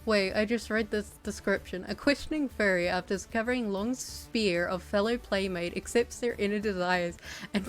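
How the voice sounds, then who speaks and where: A young woman chatting casually during a group art session, giggling often and mocking herself as she trails off mid-thought. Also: mid-range voice. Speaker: group art stream participant. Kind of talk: casual chat.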